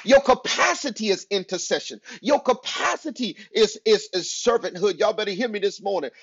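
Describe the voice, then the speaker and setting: A male preacher with a high, husky voice delivers an emphatic sermon, repeating his points and calling out to the congregation. He swings between loud bursts and quiet asides. The sound is dull and lo-fi, like a church livestream. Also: animated, normal speed. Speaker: pastor. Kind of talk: energetic sermon to an online congregation.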